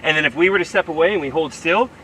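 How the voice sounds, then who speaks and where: Bright-voiced man off in the distance. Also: fairly high pitch, fast talker. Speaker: co-host on a wildlife outing. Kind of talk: casual chat. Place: outdoors in a wetland.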